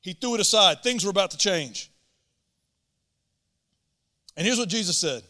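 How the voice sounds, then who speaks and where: A man's voice: sits high, animated, moderate pace, pushed and bright. A man preaching a sermon as a pastor, earnest and emphatic, often repeating words as he presses a point. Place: church auditorium. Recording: long church hall reverb.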